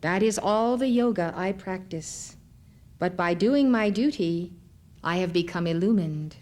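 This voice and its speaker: A woman voicing a simple, dutiful housewife who speaks gently and plainly. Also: fairly low pitch, unhurried, lightly acted. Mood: calm, gentle.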